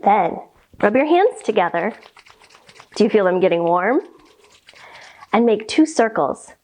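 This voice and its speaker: A woman's voice: mid-range voice, expressive, a little slow, a little mellow. A woman guiding children through a yoga lesson in a playful, sing-song way, with animal sounds and a nursery rhyme. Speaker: kids yoga teacher. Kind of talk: guided kids yoga lesson.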